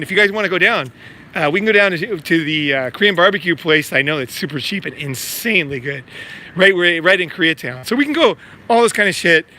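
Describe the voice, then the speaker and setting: A man's voice: fairly high pitch, sharp tone. A man vlogging in casual, rambling talk, swearing freely and stacking fillers and repeats. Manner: profane, filler-heavy, repeats himself. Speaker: vlogger promoting a meetup.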